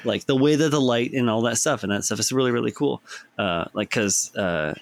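A man's voice: medium pitch, a little fast, gravelly, no room sound. A man co-hosting a podcast, teasing and joking in casual banter. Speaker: podcast co-host.

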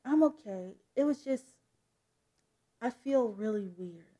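A woman's voice: a little high, animated, slow pace, mellow. A woman voicing an anxious adopted teenage girl, asking earnest questions in a comic book read-aloud. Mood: troubled.

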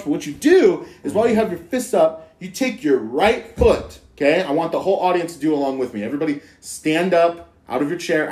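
A man hosting a casual podcast chat, animated and jokey, often slipping into silly voices. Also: on the high side. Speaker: podcast host. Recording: roomy echo.

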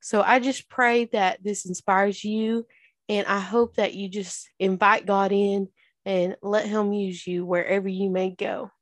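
A woman's voice: medium pitch, fairly even intonation, measured pace, no room sound. Earnest woman podcast host, dry sound. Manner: earnest, encouraging, preachy. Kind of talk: casual podcast wrap-up.

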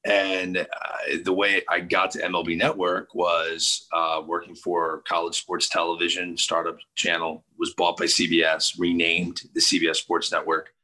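A man in his forties from St. Louis, with a very deep, forceful voice and a husky edge. He tells stories in a relaxed interview and acts out the people he quotes with lively voices. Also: normal speed. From St. Louis, USA. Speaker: sports TV host as guest. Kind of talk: casual interview storytelling.

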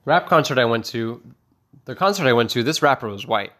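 A man's voice: medium pitch, lively intonation, a little fast, sharp tone. A man doing rambling, profane stand-up comedy, telling self-mocking stories.

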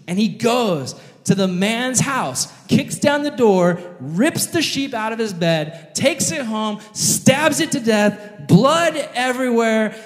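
A man preaching an animated, jokey sermon, addressing his audience directly as he tells a story. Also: extremely high pitch, takes it slowly, hardly any pauses. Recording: long hall reverb.

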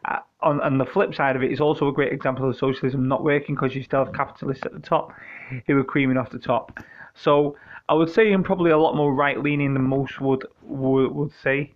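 A man's voice: mid-range voice, steady tone, fairly quick, muffled recording. A British man hosting a casual monologue, answering listener questions in a joking, profane, meandering way with lots of restarts. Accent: British English.

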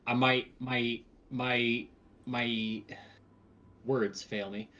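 A man's voice: medium pitch, flat delivery, drawn-out words, bright, forceful tone. A man playing in a tabletop game, chatting playfully and often stumbling over his words. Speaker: player. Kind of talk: casual tabletop play. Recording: slightly dull, lo-fi mic.

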